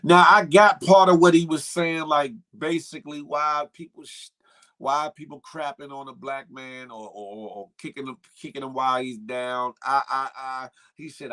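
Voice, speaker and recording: A man hosting a casual morning show, emphatic and animated, calling out viewers by name. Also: mid-range voice, moderate pace. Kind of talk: casual livestream commentary.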